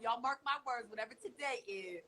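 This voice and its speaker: A bright, crisp young woman chats through a TV recap with plenty of emphasis. She pitches a touch high and keeps things lively, slipping into quick impressions as she goes. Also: a little hiss or hum, poor audio. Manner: animated, emphatic, often acts out quotes. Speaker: co-host. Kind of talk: casual recap chat.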